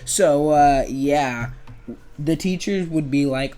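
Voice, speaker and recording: A man's voice: a little high, takes it slowly, dark tone. Young man telling school stories. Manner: chatty, sarcastic, acts out quoted voices. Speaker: animation storyteller. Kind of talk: comedic storytelling.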